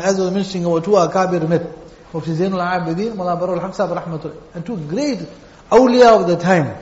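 A man's voice: high voice, a little mellow. A man preaching a sermon, telling stories and repeating phrases for emphasis. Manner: storytelling with repeated phrases and acted quotes. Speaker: Islamic preacher. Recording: dull echoey hall.

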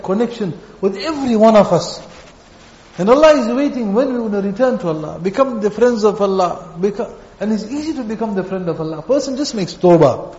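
With a high, slightly mellow voice and lively intonation, this Islamic preacher speaks a little fast as he tells stories in his sermon. He repeats phrases for emphasis and acts out quotations, and the sound carries the echo of a dull hall.

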